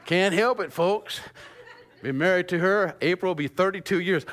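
A man in his fifties preaching a sermon as pastor, lively and joking, bursting into song and laughter, then dropping to a quiet, earnest hush. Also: high voice, moderate pace. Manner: animated preacher, bursts into sung snippets and laughter, drops to hushed tones.

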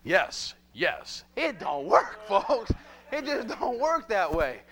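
Male preacher, live sermon, animated, rhetorical questions to the crowd, somewhat high voice. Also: slow pace.

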